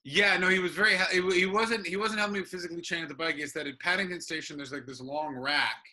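A comedian talking casually over a video call, telling stories in an animated, self-interrupting way. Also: male voice, a little high, quick pace. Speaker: comedian guest.

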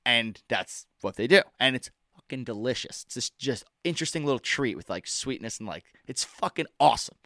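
A young man on a podcast telling a party story in casual chat, animated and profane, acting out his friends' lines. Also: medium pitch, fairly quick, no echo, studio quality. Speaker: podcast co-host.

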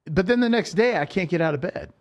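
A man's voice: high-pitched, lively intonation, fast talker. A man hosting a casual podcast chat, telling stories animatedly with frequent stumbling restarts.

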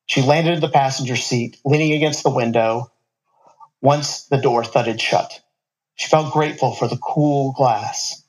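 A man's voice: mid-range voice, unhurried, low-quality recording. A man reading a story aloud, now and then stopping for casual asides to the listener. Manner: casual asides between passages.

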